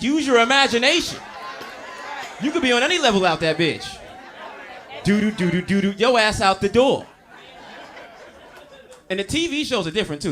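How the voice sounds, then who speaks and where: A man's voice: high-pitched, pushed and bright. A man doing a stand-up comedy set on stage, brash and profane, talking straight to the crowd with audience laughter behind him.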